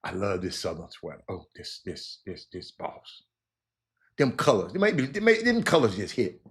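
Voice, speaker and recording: A man hosts his show in relaxed, chatty fashion, talking straight to viewers. He laughs easily and stumbles over repeated words as he hypes up clothes. His voice sits a little on the low side. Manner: loose, laughing, repeats words while hyping merchandise. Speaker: show host. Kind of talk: casual chat with viewers.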